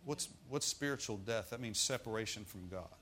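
A man's voice: lowish voice, moderate pace, bright, forceful tone, a little hiss or hum. A man preaching a sermon in a folksy, humorous way, with asides to the congregation.

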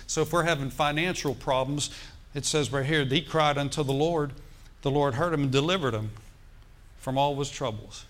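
A man preaching a sermon, animated and quoting scripture, calling out for amens. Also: on the high side, normal speed.

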